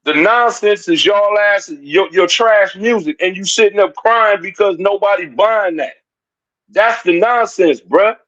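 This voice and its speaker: This man's voice sits high and has a fairly bright tone. He's a livestream commentator delivering a confrontational, heated rant aimed straight at his chat, circling back to the same points again and again, all captured in dull lo-fi stream audio.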